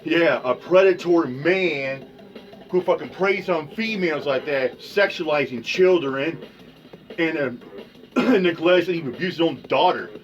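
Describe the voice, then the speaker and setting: A man hosting his own podcast, ranting casually in a rambling, profane way that swings between mutters and loud outbursts. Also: a little high, unhurried. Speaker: podcast host. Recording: dull lo-fi sound with faint music.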